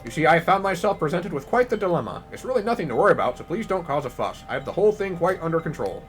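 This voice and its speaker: A man's voice: a little high, sing-song, fast, soft background music. A man voicing a nervous, fussy middle-aged woman who is a village mayor in a video game, chattering politely while flustered.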